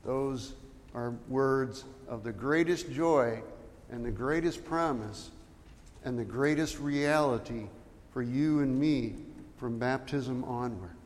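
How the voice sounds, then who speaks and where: A man preaching a chapel sermon as pastor, slow and deliberate, with sudden loud outbursts when he quotes scripture. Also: medium pitch. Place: church chapel. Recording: long reverb of a chapel.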